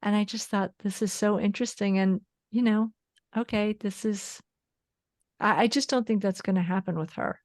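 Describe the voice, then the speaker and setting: A woman's voice: mid-range voice, steady tone, moderate pace, a little mellow, dry recording, clean studio sound. A woman guest on a podcast, talking earnestly and openly in a candid conversation. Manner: earnest, emotionally open.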